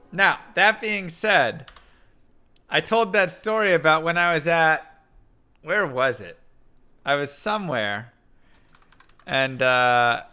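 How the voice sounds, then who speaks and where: Bright, lively man chatting on stream. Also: fairly high pitch, clear, resonant tone. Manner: animated, laughing, storytelling. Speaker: livestream gamer host. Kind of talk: casual chat while gaming.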